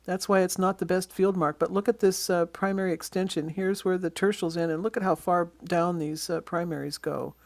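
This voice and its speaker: A birding instructor giving a casual slide-show lesson on bird identification, pointing out features in photos and often pausing with ums and uhs. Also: medium pitch, fairly even intonation, no echo. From Western Washington.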